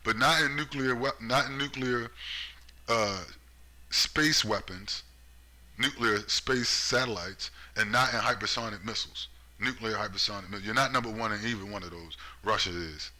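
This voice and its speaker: A man's voice: fairly low pitch, normal speed, bright, forceful tone. Sarcastic profane man ranting. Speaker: political commentator. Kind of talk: ranting monologue.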